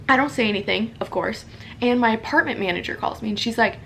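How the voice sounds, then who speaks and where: A woman's voice: on the high side, lively intonation, brisk, gravelly, a bit bright, a little hiss or hum. A young woman telling a story from her home in a casual vlog, chatty and full of "like" and "you know". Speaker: social media creator.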